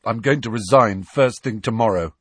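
A man's voice: fairly low pitch, normal speed, breathy edge, no echo. A man voicing a dejected teenage boy who mumbles in a dull voice.

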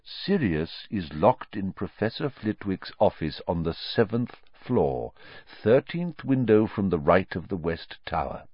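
A man voicing a grave, calm old male wizard headmaster who speaks quietly, slowly and very clearly. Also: deep voice, dry recording, dull audio, heavily acted.

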